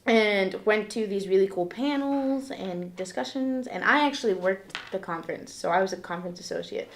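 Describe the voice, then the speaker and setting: Giggly animated woman chatting. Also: mid-range voice. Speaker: podcast co-host. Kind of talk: casual chat.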